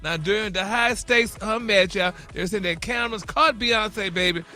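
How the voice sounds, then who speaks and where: A man's voice: high voice, moderate pace, bright, forceful tone, soft background music. A man delivering a celebrity gossip segment on morning radio, flamboyant and theatrical, saying honey and y'all constantly.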